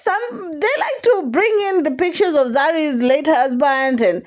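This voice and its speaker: A woman hosting a casual celebrity gossip commentary. She talks in an animated way, laughs often and keeps asking emphatic rhetorical questions. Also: sits high, unhurried, slight background noise.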